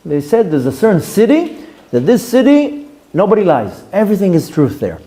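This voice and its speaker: A man, a rabbi giving a Torah class and telling stories with lively, acted-out quotes. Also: moderate pace. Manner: lively storytelling, voices quoted speakers with big pitch jumps.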